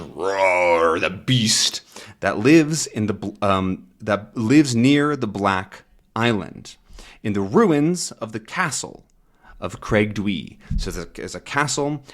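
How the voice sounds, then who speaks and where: A man teaching English, reading a comic aloud and explaining it slowly and carefully, often restarting and laughing. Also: on the low side.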